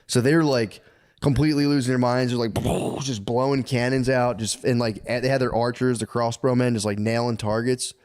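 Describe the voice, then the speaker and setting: A man co-hosts a comedy podcast and retells history as a loose, rambling story. He talks in heavy slang at an ordinary middle pitch and drops lower whenever he acts out a quote. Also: fairly even intonation, normal speed, a little mellow, dry recording, studio quality. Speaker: podcast co-host.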